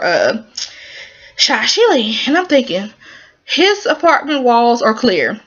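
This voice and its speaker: A woman casually recapping a TV drama episode, talking in a chatty, informal and emotional way with lots of fillers. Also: a little high. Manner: animated, emotional storytelling. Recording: muffled lo-fi recording.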